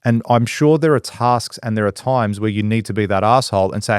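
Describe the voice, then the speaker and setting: A man's voice: fairly low pitch, brisk, few pauses, smooth, no echo, studio quality. A man on a casual podcast, a business owner who talks bluntly, swears freely and acts out quotes.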